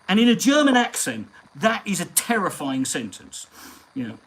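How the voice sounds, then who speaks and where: A man's voice: high voice, sing-song, fairly quick, fairly bright tone, poor audio. A man hosting a live stream, telling long, profane, rambling stories in casual chat.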